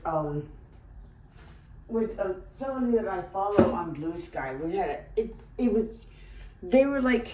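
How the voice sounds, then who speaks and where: A woman vlogger chats to herself at home in a loose, rambling way, sounding groggy. Her pitch swings widely as she talks. Her voice sits in an ordinary middle pitch. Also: background noise. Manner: rambling, groggy self-talk. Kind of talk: casual vlog chat.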